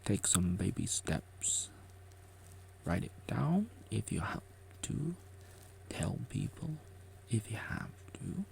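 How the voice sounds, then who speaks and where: A man's voice: lowish voice, big pitch swings, takes it slowly, creaky, pauses often, a little mellow, a little hiss or hum. A man vlogging a rambling motivational monologue, repeating himself and joking with himself as he talks.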